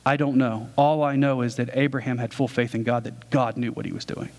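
A man's voice: mid-range voice, steady tone, a little fast, a little mellow. A man preaching a sermon, retelling a story in a casual, conversational way. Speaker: pastor.

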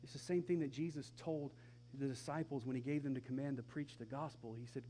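Animated pastor preaching a sermon. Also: male voice, mid-range voice, a little fast, a little hiss or hum. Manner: conversational, animated storytelling, acts out quotes.

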